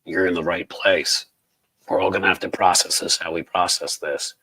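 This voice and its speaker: A man's voice: deep voice, fairly even intonation, normal speed, bright, forceful tone, husky, rough recording. A man hosting a political livestream, talking in a rambling, angry, sarcastic way, full of fillers and restarts as he reads viewer chats. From United States. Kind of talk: casual livestream commentary reading viewer chats.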